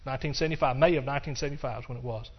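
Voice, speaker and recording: An older man giving a personal testimony sermon, earnest and repetitive, dropping to hushed stretches and rising into passionate bursts. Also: medium pitch, racing. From Texas. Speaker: preacher. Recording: dull lo-fi recording.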